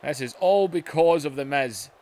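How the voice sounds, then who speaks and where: A man giving play-by-play wrestling commentary over a video game, excitable, dropping to low muttering and then shouting at the big moves. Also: moderate pace. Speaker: gaming YouTuber.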